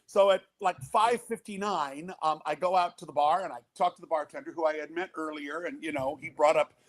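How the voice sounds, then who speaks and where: High-voiced older man telling a story. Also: a little fast. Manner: animated storyteller acting out quotes. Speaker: guest, father of the groom. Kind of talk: casual podcast storytelling.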